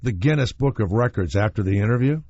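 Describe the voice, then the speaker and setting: Animated, rambling male radio host. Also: fairly low pitch, fast, no room sound. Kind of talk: casual talk radio chat. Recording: muffled radio broadcast.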